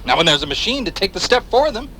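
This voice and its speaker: Game role: fiery, paranoid agitator; keen, bright tone, restless lively delivery. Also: male voice, high voice, quick pace, slight background noise, exaggerated voice. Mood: fiery ranting. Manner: impassioned rant, swinging from hushed menace to near-shouts. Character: paranoid, fiery male anti-surveillance agitator. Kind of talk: video game voice acting, radio-style monologue.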